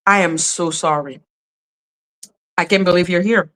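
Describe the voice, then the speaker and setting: A woman's voice: fairly low pitch, measured pace, a bit bright. A woman hosting a casual livestream, talking to her chat in an emotional, openly apologetic way and swearing freely. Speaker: livestream host reading chat.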